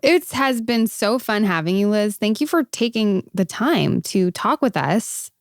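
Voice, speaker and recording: A woman's voice: medium pitch, animated, measured pace. Woman in her 30s cohosting, laughs a lot, voice bounces around. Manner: giggly, reactive. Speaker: podcast co-host. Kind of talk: casual chat.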